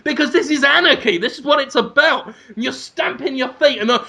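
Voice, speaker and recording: A rambling man co-hosting a comedy podcast, with a fairly high, bright voice and a gravelly crackle. He narrates a crude, silly story and breaks into sung bits and shouts. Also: a little fast. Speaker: podcast co-host.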